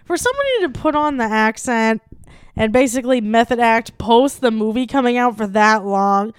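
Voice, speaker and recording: A woman co-hosting a comedy podcast in casual chat, animated, jokey and quick to swear. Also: a little high, clear, resonant tone, no room sound, studio quality. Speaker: podcast co-host.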